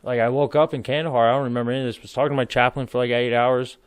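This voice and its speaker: A man's voice: medium pitch, fairly even intonation, racing, smooth, no room sound. Male podcast guest, 30s, rambling and profane, dry close sound. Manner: rambling, laughs while telling stories, swears freely. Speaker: podcast guest, military veteran. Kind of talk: casual storytelling.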